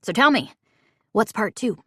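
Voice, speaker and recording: Lady doing a charming evasive young guy, slow teasing drawl, mid voice. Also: mid-range voice, animated, sharp tone, slightly rough, no echo, clean studio sound, heavily acted. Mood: sly. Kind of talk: audiobook character voice.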